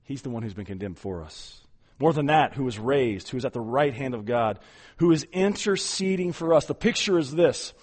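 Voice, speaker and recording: A man preaching a sermon, emphatic, often repeating words and swinging between loud and soft. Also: mid-range voice, lively intonation, normal speed, husky. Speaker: pastor.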